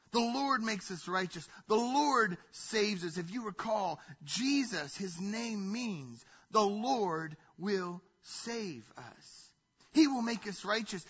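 A male pastor tells a story in his sermon with animation, swinging between loud and hushed delivery. His voice is high-pitched and husky, and the audio sounds dull.

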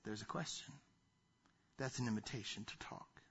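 A male pastor preaching a sermon, animated, acting out quoted voices and dropping to hushed asides. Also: fairly low pitch, normal speed, slightly rough, muffled recording. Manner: animated preaching, acts out quoted voices, drops to near-whispers.

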